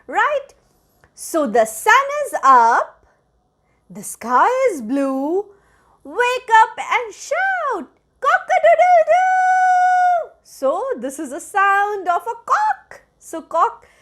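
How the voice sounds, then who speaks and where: A woman's voice: sits high, a bit bright. A woman teacher reading a picture book aloud to small children in a coaxing, sing-song way, asking them questions and acting out bird sounds. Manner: acts out bird sounds between lines.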